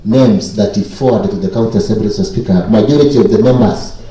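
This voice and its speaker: A man's voice: lowish voice, mellow. A man from Kenya presenting a committee report in a county assembly, formally addressing the Speaker over and over. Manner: repeats 'Mister Speaker' constantly, formal and deliberate. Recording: echoey chamber, distant mic.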